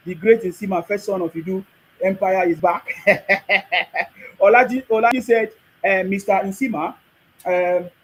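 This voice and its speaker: High-voiced emphatic Nigerian man. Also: fairly even intonation, moderate pace, rough recording. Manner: emphatic, repetitive, preachy. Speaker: livestream host. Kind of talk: live commentary reading viewer comments.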